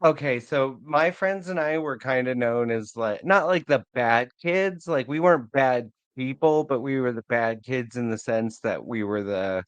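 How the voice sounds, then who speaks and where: A man as a podcast guest in casual chat, enthusiastic and rambling, his voice dropping low at the ends of phrases. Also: a little slow, hardly any pauses, clean tone, no room sound.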